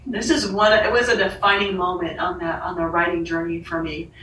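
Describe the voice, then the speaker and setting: A woman's voice: on the low side, level tone, a little fast, fairly bright tone, reverberant, far from the mic, a little hiss or hum, poor audio. A woman telling a personal story as a guest in a conversation, laughing often and acting out the voices of the people she quotes. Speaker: author and podcast guest.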